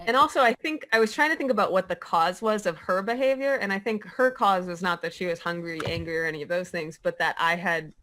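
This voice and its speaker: A woman's voice: lowish voice, fast talker, hardly any pauses, bright, forceful tone. Woman, parent in a workshop; reflective, thinks aloud, video-call sound. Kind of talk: sharing in a group discussion.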